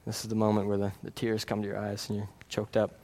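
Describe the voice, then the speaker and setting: A man preaches a sermon in a lowish, gravelly, mellow voice, talking fast with a completely flat delivery. He's earnest and conversational, often checking in with the congregation through frequent "right?" tags and restarts.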